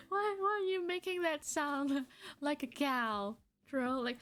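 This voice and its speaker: A woman's voice: sits high, a bit bright. A woman streamer chatting casually and playfully with her viewers, teasing and often giggling. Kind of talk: casual live-stream chat.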